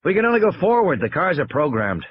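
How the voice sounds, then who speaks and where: A man's voice: fairly high pitch, very animated, fast talker, breathy edge, dry recording, highs cut off, pitched above the performer's own voice. A man reading an audiobook, voicing a breezy male publicist who waves off worries with glib reassurance. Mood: dismissive.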